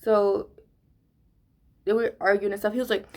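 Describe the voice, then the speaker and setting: A woman's voice: mid-range voice, moderate pace, a little hiss or hum. Chatty teenage girl, casual story time. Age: teens. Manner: chatty, animated storytelling with slang. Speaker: vlogger. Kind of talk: casual story time during a makeup tutorial.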